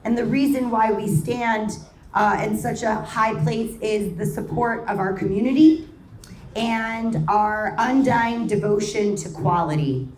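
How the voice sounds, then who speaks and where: A woman's voice: on the high side, unhurried, a little mellow, a little hiss or hum. A woman from New York speaking as a panel guest at a live event, talking in a passionate, rallying way and swearing freely. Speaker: panel guest, cannabis company co-founder. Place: event stage before a live audience. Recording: echoey event space, distant mic, crowd.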